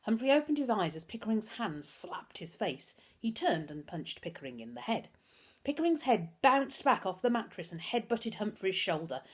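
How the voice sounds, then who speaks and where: A woman, a teacher, reading a children's book aloud with expressive storytelling. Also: medium pitch, normal speed, breathy edge.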